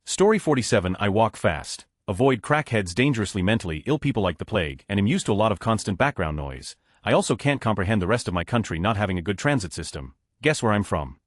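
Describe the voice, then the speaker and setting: A man's voice: lowish voice, animated, quick pace, hardly any pauses, no echo, clean studio sound. A man reading numbered online stories aloud as scripted narration. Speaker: narrator of reader posts.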